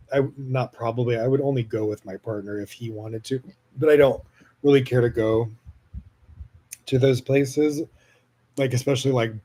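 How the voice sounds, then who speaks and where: A man from the United States talks through a personal story on his own podcast, drifting between tangents. He gushes, swears freely, laughs often, and his voice sits at an ordinary middle pitch. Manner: gushing, rambling, many fillers and swearing; frequent laughter, swings loud and soft. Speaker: podcast host. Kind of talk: casual personal storytelling monologue.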